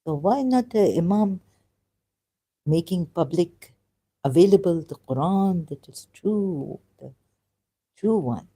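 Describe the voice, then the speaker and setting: Woman, low voice, mellow tone, halting and emotional. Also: expressive, slightly rough. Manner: emotional, searching aloud, halting with fillers. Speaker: ex-Muslim commentator. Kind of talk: casual commentary reading scripture.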